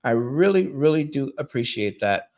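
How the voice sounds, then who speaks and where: A man hosting a live stream, slowly reading member messages and thanking them, and he gets openly emotional and effusive. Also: medium pitch, lively intonation, a little mellow. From United States.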